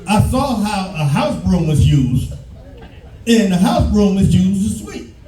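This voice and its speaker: A man in his fifties from Detroit, performing a loud, profane stand-up routine on a live stage, often shouting. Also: high voice, sing-song, measured pace, roomy sound, recorded from a distance, low-quality recording. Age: 50s. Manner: loud, profane storytelling, breaks into shouts and laughter. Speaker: stand-up comedian. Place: live show stage with audience.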